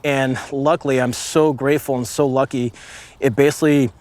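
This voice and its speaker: A man in his late thirties, a former marine sniper, telling a story in casual conversation, rambling with lots of "like" and acting out shouts. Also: medium pitch, fairly even intonation, normal speed. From United States. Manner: rambling, with many "like" fillers and vivid acted-out shouts.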